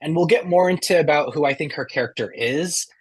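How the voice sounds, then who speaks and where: A man's voice: fairly high pitch, brisk, slightly rough. A man co-hosting a casual fan podcast, talking enthusiastically with many fillers and restarts. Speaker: podcast co-host.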